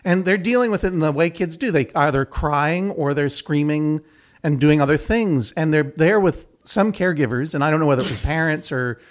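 A man's voice: on the high side, a little fast. A middle-aged man, a guest judge on a comedic podcast, talking in a wry, rambling way with many restarts.

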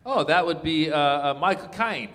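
A man's voice: a little high, expressive, moderate pace, fairly bright tone. A man, a comedian competing on a quiz show, hesitating and trailing off. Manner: hesitant, full of fillers. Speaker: comedian contestant. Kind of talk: game show banter. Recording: reverberant stage with faint noise.

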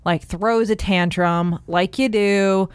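A woman's voice: mid-range voice, fairly even intonation, slow pace, clear, resonant tone, no room sound. A woman doctor co-hosting a podcast, telling history in a chatty, laughing way. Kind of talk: casual storytelling chat.

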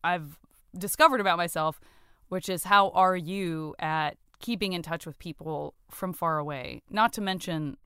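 A woman's voice: fairly low pitch, a little slow, pushed and bright, smooth, no room sound, studio quality. A woman hosting a podcast in casual chat, rambling and giggly, sometimes slipping into playful voices. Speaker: podcast host.

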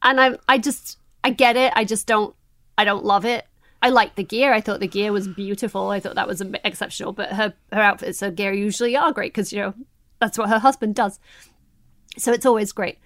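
A woman's voice: mid-range voice, fairly even intonation, brisk, fairly bright tone, dry recording. A woman co-hosting a podcast, chatting animatedly and laughing easily. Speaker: podcast co-host. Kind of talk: casual wrestling chat.

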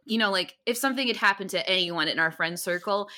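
A woman co-hosting a podcast, telling a story in casual chat, animated, laughing often and full of fillers. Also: mid-range voice, fast talker. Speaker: podcast co-host.

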